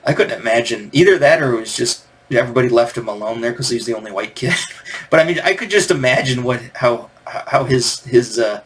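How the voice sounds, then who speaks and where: A man in his fifties from Michigan, rambling through an unscripted monologue that keeps wandering off on side tracks. His voice sits at an ordinary middle pitch, and he leans on fillers and restarts as he talks. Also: animated, a little fast. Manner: rambling, digressive, filler-heavy. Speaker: podcast host. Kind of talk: casual nostalgic monologue.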